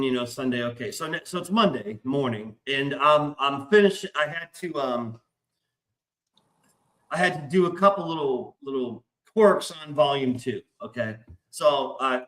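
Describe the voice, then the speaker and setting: A middle-aged man hosting a podcast, telling a story in a casual, excitable way and swearing a lot. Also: mid-range voice. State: stressed, hyped up. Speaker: podcast host.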